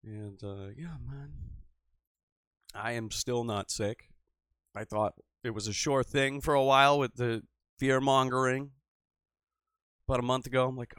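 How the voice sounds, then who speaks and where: A man hosting a call-in show, rambling and swearing, swinging from mutters to loud outbursts. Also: mid-range voice, steady tone, moderate pace, smooth, no room sound, studio quality, faint music behind. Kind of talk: profane casual call-in show.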